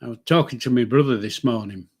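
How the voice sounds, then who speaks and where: A man's voice: medium pitch, quick pace. Easygoing older Yorkshire man. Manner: easygoing, agreeable, short replies. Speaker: co-host. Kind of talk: casual live-stream chat.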